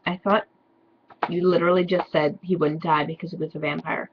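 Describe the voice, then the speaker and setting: A woman's voice: deep voice, level tone, brisk, husky, muffled recording. A young woman doing a comedic dramatic reading of fan fiction, with sarcastic, mock-despairing asides.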